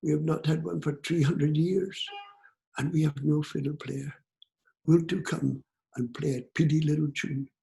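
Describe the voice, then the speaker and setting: A man's voice: on the high side, fairly even intonation, normal speed, vocal fry, dark tone. Older man doing a solemn little fairy man. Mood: pleading. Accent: Scottish. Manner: archaic formal speech, thee and thou. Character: small solemn fairy man, old-fashioned speech.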